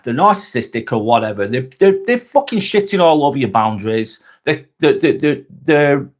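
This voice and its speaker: An English man, middle-aged, hosting a live vlog, chatting casually with viewers, rambling and repeating himself and swearing freely. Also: mid-range voice. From England. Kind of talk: casual live-stream chat.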